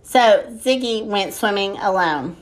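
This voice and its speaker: A woman reading a children's story aloud in an unhurried, expressive way. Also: mid-range voice.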